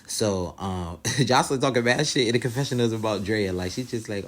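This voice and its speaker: Brief: man reviewer, low voice, loose profane slang, easygoing episode recap. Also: a little fast, a little hiss or hum. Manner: slangy, profane, laid-back storytelling. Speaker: reality show reviewer.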